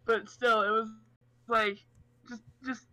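A speaker in casual chat, relaxed, giving short reactions and recounting an anecdote. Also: mid-range voice, takes it slowly, no echo, poor audio.

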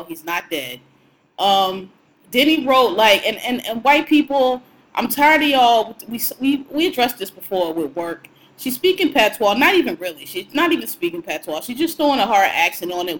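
A woman's voice: mid-range voice, fairly bright tone, poor audio. A young woman co-hosting a podcast, talking in an outspoken, slangy, profane way about music and celebrities. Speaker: podcast co-host. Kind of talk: casual podcast chat.

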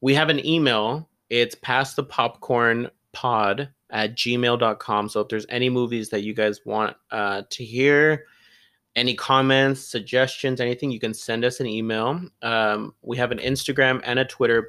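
A man's voice: medium pitch, fairly even intonation, unhurried, bright, forceful tone, clear, resonant tone. Chatty young man co-hosting a podcast. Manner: chatty, swears casually, retells plots loosely. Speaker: podcast co-host. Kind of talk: casual chat.

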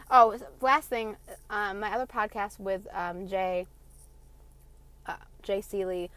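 A woman's voice: mid-range voice, flat delivery, slow pace, a bit bright. A young woman hosting her own podcast, delivering a passionate, sarcastic, profanity-laced rant. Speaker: podcast host. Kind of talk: ranting monologue.

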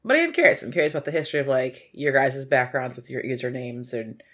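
A woman's voice: extremely low pitch, expressive, fast talker, a bit bright. A woman hosting a podcast in casual chat, rambling and laughing often between fillers. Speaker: podcast host.

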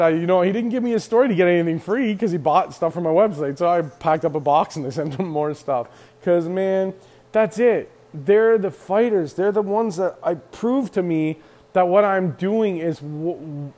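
A man's voice: high voice, normal speed, a little mellow. Fired-up man, emphatic motivational speech. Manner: fired-up and emphatic, repeating himself with many restarts. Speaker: clothing brand owner speaking to viewers. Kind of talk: emotional motivational monologue to camera.

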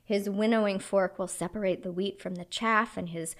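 A woman's voice: medium pitch, fairly even intonation, moderate pace. A woman in her thirties preaching a sermon, telling a personal story in an earnest, reflective way.

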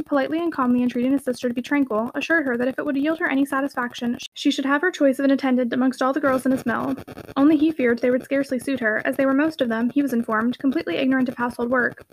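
A woman reading a classic novel aloud as an audiobook narrator, with steady, expressive storytelling. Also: sits high, slight background noise, poor audio.

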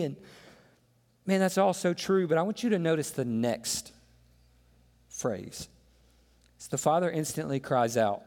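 A man's voice: high voice, a little slow. A man preaching a sermon as pastor, impassioned, asking the congregation rhetorical questions. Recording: long hall reverb with faint music.

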